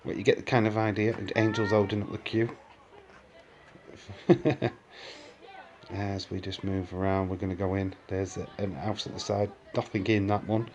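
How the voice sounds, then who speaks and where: Low-voiced man vlogging on a tour. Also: level tone, moderate pace, long pauses, a little mellow, highs cut off, slight background noise. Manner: rambling, many fillers and restarts, chuckles often. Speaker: vlogger touring a film studio. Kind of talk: casual walking-tour narration. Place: outdoor and indoor studio tour sets.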